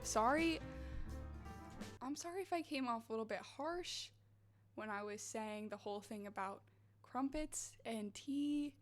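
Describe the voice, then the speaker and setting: A woman livestreamer in a casual late-night chat with her viewers, bubbly and rambling, wired and restless after coffee. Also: a little high. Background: faint background music.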